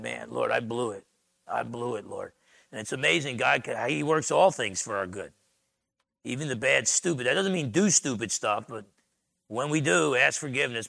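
A man with a New Jersey accent, a pastor preaching a sermon in an animated, storytelling way. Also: mid-range voice, vocal fry, dry recording.

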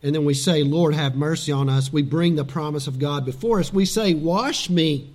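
A man preaching a sermon as pastor, animated and dramatic, dropping suddenly soft for emphasis. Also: on the high side, normal speed.

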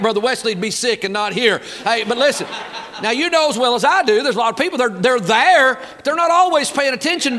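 A man's voice: very high voice, sharp tone. A man preaching a sermon, fired up and folksy, talking back and forth with the crowd. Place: church auditorium.

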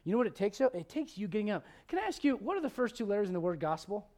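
A man's voice: high voice, sing-song, very fast, darkish tone. A man in his forties preaching a sermon, acting out Bible characters with humor. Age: 40s. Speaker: pastor.

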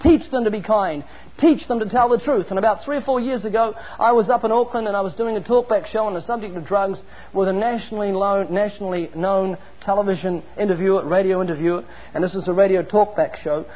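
A man's voice: high-pitched, fast. A man preaching a sermon, earnest and emphatic, mixing scripture with personal stories. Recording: dull lo-fi recording.

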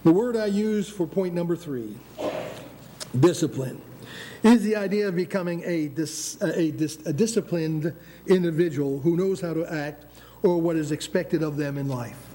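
An older man from the United States delivers a sermon in a fairly high, mellow, relaxed voice at a moderate pace. He presses his points, restarts phrases, and asks the congregation "Amen?" A faint rumble of background noise lies underneath.

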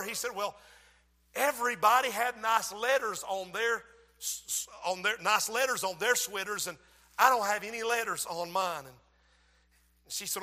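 High, bright-voiced preacher with booming outbursts. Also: male voice, moderate pace, in a large hall. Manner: preaching with sudden loud outbursts and hushed asides. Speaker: pastor. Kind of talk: sermon.

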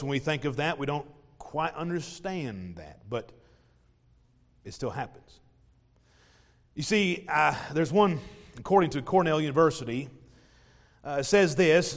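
A pastor giving an emphatic sermon. He repeats phrases and swings between loud, stressed lines and quiet asides. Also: fairly high pitch. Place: church sanctuary. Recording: long hall reverb.

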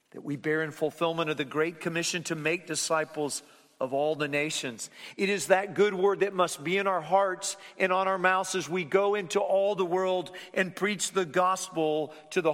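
A fairly high-voiced man preaching a sermon with big swings in force, pressing key words loudly and then letting phrases fall almost to a whisper. His voice rings out with a long reverb, as in a large hall. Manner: dynamic preaching, swinging from loud emphatic peaks to hushed low endings.

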